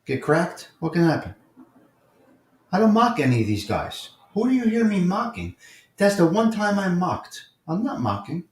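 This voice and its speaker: Here the host sounds high and sing-song at a normal speed, a man with a New York accent chatting casually with his morning stream audience. He addresses people by name, drives his points home by repeating them, and his voice echoes around the room.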